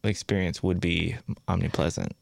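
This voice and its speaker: Male radio host, low voice, dry studio sound, loose and self-mocking banter. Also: level tone, normal speed, vocal fry, no echo. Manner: joking, self-mocking announcer. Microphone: studio microphone.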